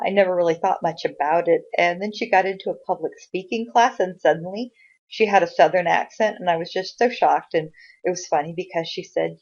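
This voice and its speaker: A woman giving a conversational recorded university lecture, with frequent fillers and sudden bursts of loud emphasis. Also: on the low side, highs cut off.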